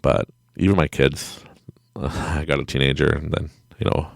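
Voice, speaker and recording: A man's voice: extremely low pitch, steady tone, moderate pace, gravelly, dry recording, clean studio sound. A middle-aged man hosting a podcast from home at night, giving a rambling, self-deprecating motivational talk and laughing often. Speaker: podcast host. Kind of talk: casual motivational monologue.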